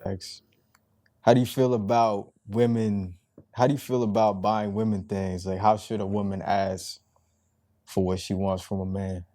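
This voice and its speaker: A man interviewing a guest, speaking in brief, quiet prompts. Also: fairly low pitch, level tone, unhurried, dry recording. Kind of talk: casual interview.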